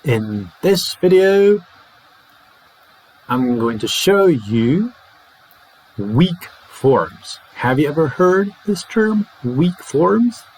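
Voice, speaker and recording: A man with a Czech first language teaching English in a playful way, acting out phrases slowly and fast. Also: a little high, big pitch swings, a little mellow, breathy edge, poor audio. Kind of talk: English lesson to camera.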